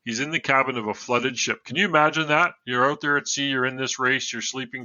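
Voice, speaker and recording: Bright-voiced man retelling a sea disaster. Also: medium pitch, a little fast, hardly any pauses, no room sound, highs cut off. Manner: narrates from notes, adds casual asides. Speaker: podcast guest storyteller. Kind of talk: retelling a true story on a podcast.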